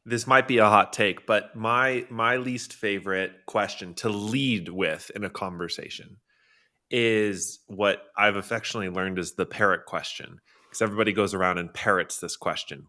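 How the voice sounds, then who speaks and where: A man hosting a live panel, his voice bright and forceful, pitched a little low. He talks in a relaxed, upbeat way and laughs often. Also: moderate pace. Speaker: show host. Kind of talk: casual panel talk.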